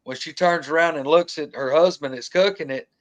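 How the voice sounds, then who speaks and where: A man with a drawl recounts a tense outdoor encounter in relaxed, colloquial talk. His voice sits somewhat high for a man. He gets animated and imitates the sounds he describes. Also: brisk. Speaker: guest telling an encounter story. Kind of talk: casual storytelling.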